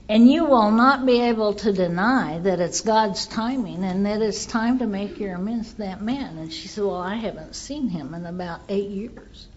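A woman's voice: medium pitch, normal speed, dull audio. Earnest woman telling a recovery story. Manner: earnest storytelling, quotes others in dialogue. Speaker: recovery speaker sharing her story. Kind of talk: personal testimony talk.

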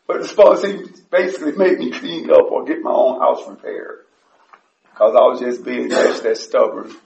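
Gravelly man sharing from afar. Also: mid-range voice, moderate pace, a little hiss or hum. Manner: blunt and profane, voice rises when excited. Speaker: recovery group member sharing. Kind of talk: personal share at a support meeting. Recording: echoey room, distant dull mic.

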